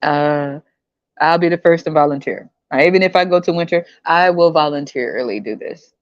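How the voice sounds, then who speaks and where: Animated, laughing woman podcast host. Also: low voice, normal speed, no room sound, dull audio. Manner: animated, laughs often, slangy. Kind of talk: casual comedic rant.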